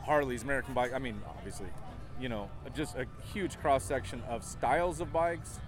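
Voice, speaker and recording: A man being interviewed outdoors at a motorcycle meetup, talking in a relaxed, chatty way with easygoing swearing. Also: medium pitch, normal speed. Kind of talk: casual interview.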